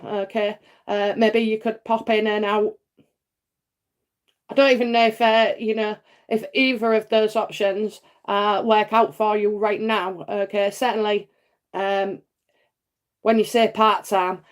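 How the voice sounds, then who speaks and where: A woman's voice: medium pitch, little pitch movement, measured pace. A woman hosting a live psychic reading stream, chatty and reassuring, with many fillers and frequent "okay?" checks. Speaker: psychic host answering viewer questions.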